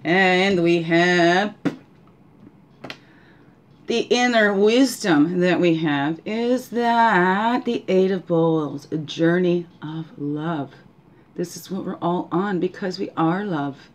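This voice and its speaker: A woman's voice: lowish voice, slow pace, a little hiss or hum. A woman hosting a spiritual guidance session at home, reading oracle cards in a meandering, reflective way and often asking the listener questions. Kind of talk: casual oracle card reading.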